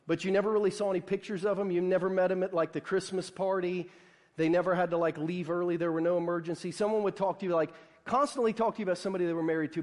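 A man delivering a sermon in a relaxed, chatty preaching style, with plenty of "like" and little acted-out quotes. His voice sits a touch high for a man. It rings out with a long reverb through a big hall. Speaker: pastor.

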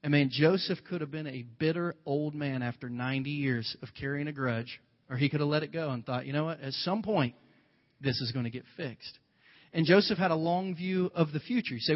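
A male pastor giving a conversational, animated sermon, retelling a Bible story with playful asides. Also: on the high side, fairly quick, in a large hall, lo-fi sound.

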